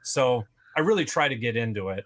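Male guest, mid pitch, talks at length, loose and filler-heavy. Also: animated, a little fast, fairly bright tone. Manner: long rambling answers with many fillers. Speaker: podcast guest, toy video creator. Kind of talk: casual interview chat.

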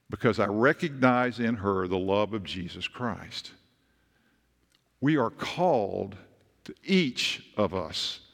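Male pastor, animated sermon, emphatic storytelling, mid-pitched voice, long reverb in the sanctuary.

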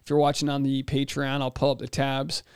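A man's voice: medium pitch, monotone, fairly quick, smooth, no room sound, studio quality. A young man hosting a solo podcast, talking in a chatty, rambling way with many fillers and restarts. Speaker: podcast host.

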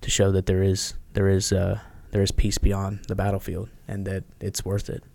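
A man speaking as a podcast guest, earnest and halting, often restarting his sentences, and sounding tired. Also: deep voice, monotone, gravelly, darkish tone. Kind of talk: candid conversation.

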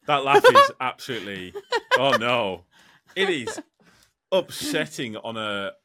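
Man, podcast co-host, blunt and sweary, bright voice, dry close sound. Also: mid-range voice, wildly swooping pitch, unhurried, dry recording. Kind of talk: casual chat.

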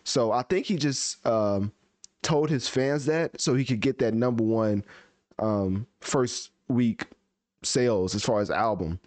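A man hosting a casual music review chat, talkative and opinionated, working through chart numbers out loud. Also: medium pitch, unhurried, no room sound. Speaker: music review podcast host.

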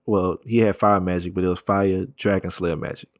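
A man talking casually about comics, rambling with slang, profanity and quick laughs. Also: sits low, steady tone, no room sound, clean studio sound. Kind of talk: casual chat.

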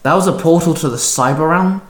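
Man doing a sharp-tongued young woman, prim, sighing, put-upon, higher voice, echoey room. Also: a little fast, close to an everyday voice. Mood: exasperated.

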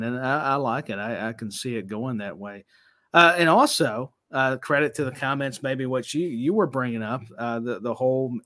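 A man's voice: mid-range voice, fairly bright tone. A man co-hosting a wrestling podcast in casual chat, rambling and restarting his sentences often. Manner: rambling with many restarts and stammers. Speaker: podcast co-host.

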